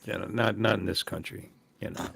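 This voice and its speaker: A man's voice: lowish voice, fairly even intonation, fairly quick, gravelly, fairly bright tone. A man hosting a casual live-stream chat, laid-back and reading out what he looks up as he goes. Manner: laid-back, reads things out as he checks them. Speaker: show host.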